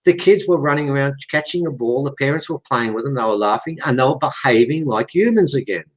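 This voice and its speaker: A man's voice: mid-range voice, fairly quick. Australian man telling a story on a dull recording. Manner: retells dialogues with lively voiced quotes. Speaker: guest. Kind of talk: animated storytelling in conversation.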